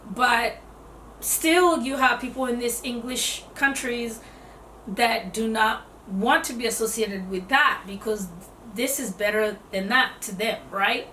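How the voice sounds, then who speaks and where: A woman's voice: fairly high pitch, takes it slowly, sharp tone, roomy sound, distant mic, slight background noise. A woman giving casual self-development advice in a conversational way, explaining with rhetorical questions.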